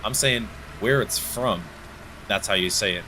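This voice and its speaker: A young Canadian man with an East Coast accent, chatting fast and jokingly with viewers while he streams a game, full of slang and banter. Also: fairly low pitch, pushed and bright, a little hiss or hum. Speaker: livestream gamer. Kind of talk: casual chat with chat while gaming.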